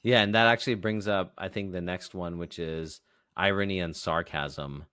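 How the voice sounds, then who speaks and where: A man with a low, smooth, resonant voice co-hosts a podcast. He walks through ideas in an unhurried, casual way, checking in with "right?" as he goes. The sound is dry and close. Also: fairly even intonation, sharp tone, dry recording. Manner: explains patiently, leans on "you know" and "right?". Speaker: podcast co-host. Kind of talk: casual explanatory podcast chat.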